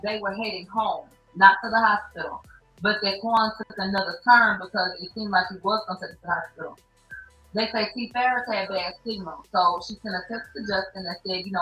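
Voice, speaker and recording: A woman's voice: mid-range voice, sharp tone. Blunt, profane woman recapping news. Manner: blunt, profane, sarcastic asides. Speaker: commentary show host. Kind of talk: casual news recap commentary. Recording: echoey room, distant mic, faint music.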